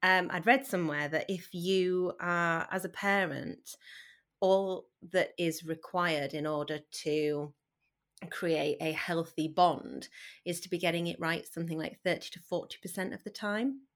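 Woman in her 30s, low voice, frank and earnest, talks candidly on a podcast. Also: fairly even intonation, a little slow. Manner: earnest and frank, with sudden bursts of energy. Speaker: guest. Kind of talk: candid conversational talk.

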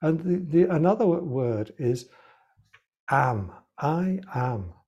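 Man, husky voice, slightly high pitch, earnest coaching explanations. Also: animated, takes it slowly, warm tone, muffled recording. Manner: earnest, example-driven, repeats words while thinking. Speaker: life coach and author, guest. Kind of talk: explanatory interview talk.

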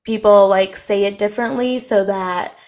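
A young American woman co-hosts a podcast, chatting casually and using plenty of filler words. Her voice is mid-range and a little mellow, with fairly even intonation and a normal speaking speed.

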